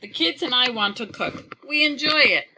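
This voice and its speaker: A woman reading as a gruff farmer dad. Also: high-pitched, normal speed, sharp tone, a little hiss or hum, voice pushed up, heavily acted, rough recording. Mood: hearty. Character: gruff middle-aged farmer father with a limp.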